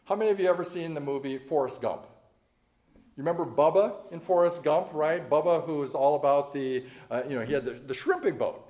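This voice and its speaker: A man preaching a sermon in a conversational, animated way, often checking in with the congregation. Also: fairly high pitch, a little fast. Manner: animated, conversational preaching with frequent "right?" asides. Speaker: pastor.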